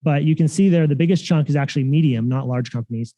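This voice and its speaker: A man's voice: on the high side, quick pace, dark tone, highs cut off. Man giving a casual conference talk. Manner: casual, filler-heavy with many restarts. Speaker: conference speaker. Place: conference room.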